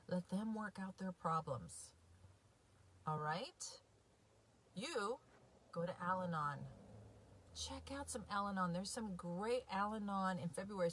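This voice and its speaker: Woman, recovery coach, casual direct-to-viewer talk, heartfelt, lowish voice, filler-heavy. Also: a bit bright. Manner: chatty and heartfelt, many fillers, asks "right?". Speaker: recovery coach and podcast host.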